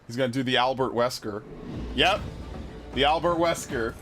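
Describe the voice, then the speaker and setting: A man streaming a game, reacting with excited outbursts, laughter and swearing. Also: medium pitch, moderate pace, faint music behind. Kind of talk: live gameplay commentary.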